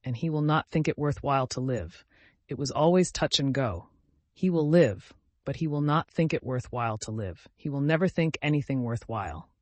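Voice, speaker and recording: A man reading the lines of a gentle, earnest old man in grief. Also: medium pitch, expressive, normal speed, no room sound, lightly acted. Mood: sorrowful.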